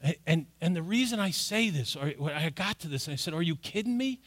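A middle-aged male pastor with a bright, forceful voice that sits a little high for a man. He reads scripture aloud and then preaches on it, pressing his points with growing emphasis. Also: expressive, a little fast, husky. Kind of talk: sermon.

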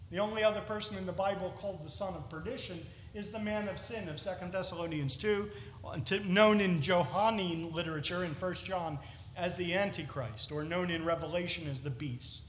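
Male preacher, high and bright, earnest expository sermon, reverberant hall. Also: normal speed, a little hiss or hum.

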